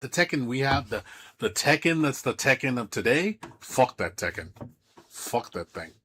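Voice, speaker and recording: A man's voice: mid-range voice, sing-song, moderate pace, bright, forceful tone, slightly rough. A man streaming games, ranting in a heated, profane way with lots of stammering restarts. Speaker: game streamer. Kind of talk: live-stream rant.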